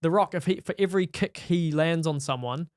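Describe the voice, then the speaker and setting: A man co-hosting a movie podcast in casual, wry chat full of quick jokes and asides. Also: a little high, dry recording, clean studio sound. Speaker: podcast co-host.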